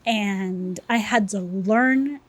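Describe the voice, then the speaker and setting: A woman as a podcast guest, telling her personal story in a candid, emotional, animated way. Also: mid-range voice, extremely slow. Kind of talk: personal testimony interview.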